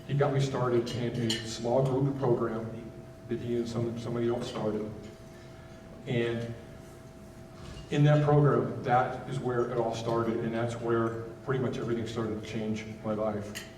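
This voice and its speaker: A man giving a candid personal testimony as a keynote speaker at a gala, halting often and restarting his sentences. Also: mid-range voice, little pitch movement, reverberant, recorded from a distance, background noise. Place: gala event hall.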